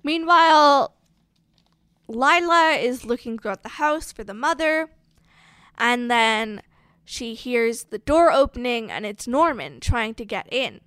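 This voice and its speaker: A woman's voice: on the high side, animated, slow pace, sharp tone, smooth, no room sound. A woman casually recapping a film plot in a wry, conversational way.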